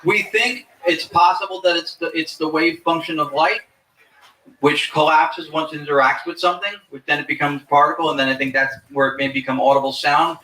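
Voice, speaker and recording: At a fair, a paranormal investigator gives a live interview, laying out his theories at length with joking asides. His slightly high voice is brisk, pushed and bright with fairly even intonation, picked up echoey and distant from the mic with faint noise.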